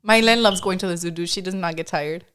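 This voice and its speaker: A woman's voice: fairly low pitch, fast, a bit bright, smooth. Laid-back woman podcast co-host. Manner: laid-back, says "dude" a lot, mixes in Spanish. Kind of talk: casual chat.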